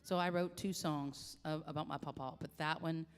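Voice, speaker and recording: A woman in her forties talks in a low, smooth voice. She tells her story haltingly and from the heart, with many restarts. The recording carries a long, roomy reverb. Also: fairly even intonation. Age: 40s. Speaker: singer-songwriter guest. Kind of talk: personal storytelling in conversation. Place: coffee shop. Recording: long reverb, echoey room.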